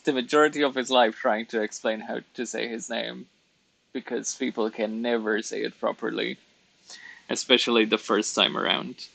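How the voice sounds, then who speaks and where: A man's voice: mid-range voice, steady tone, moderate pace, creaky, fairly bright tone, no room sound, low-quality recording. A man chatting casually with his viewers while colouring on a live stream, rambling and laughing at himself.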